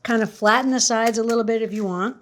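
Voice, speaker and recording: A woman's voice: a little high, steady tone, quick pace. A woman in her fifties hosting a cooking show, chatting and rambling as she demonstrates a recipe, often laughing. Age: 50s.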